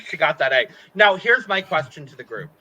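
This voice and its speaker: A man's voice: fairly high pitch, sing-song, fairly quick, sharp tone, highs cut off. A man co-hosting a podcast, recapping a reality show in a playful, jokey casual chat. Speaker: podcast co-host.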